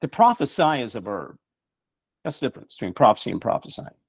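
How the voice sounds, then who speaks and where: A man's voice: mid-range voice, wildly swooping pitch, fast, slightly rough, no room sound. A middle-aged man hosting a show, preaching emphatically with rhetorical questions. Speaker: show host. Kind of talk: preaching talk-show monologue.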